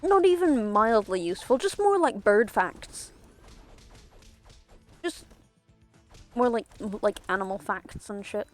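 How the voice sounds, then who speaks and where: A woman's voice: fairly high pitch, sing-song, slow pace, pauses often, faint music behind. A woman streaming a video game, chatting casually in a rambling, self-interrupting way and laughing often.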